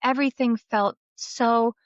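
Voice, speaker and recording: A woman in her thirties, a guest on a podcast, telling a family story in an animated, casual way. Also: fairly high pitch, unhurried, dry recording. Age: 30s. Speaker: podcast guest, memoir author. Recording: dull lo-fi sound, dry.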